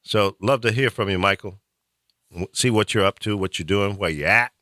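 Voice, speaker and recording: A man's voice: on the low side, moderate pace, pushed and bright, dry recording, clean studio sound. A middle-aged man from the American South hosting a call-in talk show, ranting animatedly and preachily. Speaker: host.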